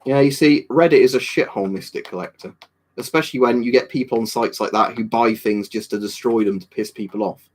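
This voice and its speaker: A man's voice: medium pitch, fairly quick, slightly rough. Rambling man chatting on a livestream. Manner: rambling, swears casually, jokey asides. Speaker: livestream host. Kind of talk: casual livestream chat reading viewer comments.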